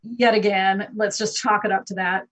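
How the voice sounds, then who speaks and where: A woman co-hosting a podcast, telling an anecdote in a lively, laughing, casual way. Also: medium pitch, moderate pace, low-quality recording. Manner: animated, laughing storyteller. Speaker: podcast co-host. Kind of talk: casual chat.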